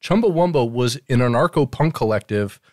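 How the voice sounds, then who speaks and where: A young man co-hosting a podcast, emphatic and sweary, speaking in quick bursts. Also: mid-range voice, expressive, a little mellow, dry recording, clean studio sound. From Alaska. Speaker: podcast co-host. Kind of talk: casual podcast chat.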